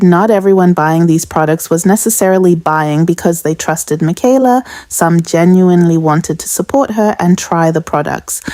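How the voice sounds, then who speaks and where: This woman narrates scripted commentary with a measured, analytical delivery. Her voice is mellow and rather low. The recording is dry, with no room sound. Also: no room sound. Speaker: channel narrator.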